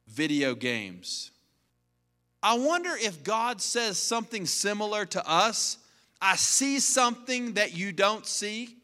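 A man's voice: sits high, sharp tone. A middle-aged man preaching a sermon in a conversational, storytelling way. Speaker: pastor. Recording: hall reverb.

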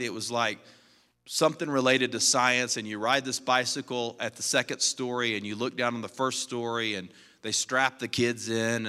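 A male pastor delivers a sermon in a bright, forceful voice, shifting from booming passages to hushed ones as he tells his stories. The sound carries a long reverb from a large church sanctuary. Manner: animated storytelling, swinging from loud to quiet.

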